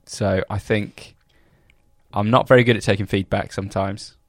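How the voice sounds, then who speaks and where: A man's voice: fairly low pitch, fairly even intonation, moderate pace, dry recording, clean studio sound. A young man co-hosting a podcast, chatting casually in a rambling, hesitant, self-deprecating way. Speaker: podcast co-host, business owner. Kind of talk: casual chat.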